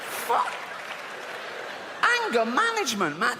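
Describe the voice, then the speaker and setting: A man performs stand-up, his high voice swinging wildly as he sneers at a Bible story and shouts his disbelief. He swears freely and sounds incredulous throughout. It is a live show recording, with a loud audience and steady noise behind him. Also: unhurried, a loud crowd. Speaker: stand-up comedian. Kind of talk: stand-up comedy routine reading a children's Bible story. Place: live stage before an audience. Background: audience laughter.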